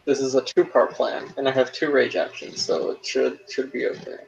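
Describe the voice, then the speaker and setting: Gravelly man playing a tabletop game. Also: medium pitch, normal speed, a little hiss or hum, low-quality recording. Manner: swearing, thinking out loud. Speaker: player. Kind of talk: casual tabletop game play.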